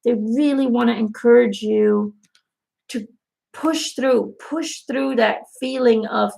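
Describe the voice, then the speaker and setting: A woman's voice: fairly high pitch, slow pace, creaky, long pauses, warm tone. Woman doing live angel card readings, casual and blunt, swears a lot, laughs often.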